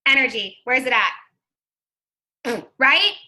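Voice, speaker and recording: Brief: high, very bright woman coach, loud and fast at a live seminar, near yell-talking. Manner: energetic, loud and quick, near yelling. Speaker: life coach.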